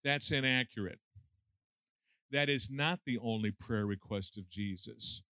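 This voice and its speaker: A man's voice: mid-range voice, measured pace, sharp tone, clear, resonant tone, dry recording. A man in his sixties preaching a conversational sermon with folksy, self-deprecating humor and lots of fillers. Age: 60s.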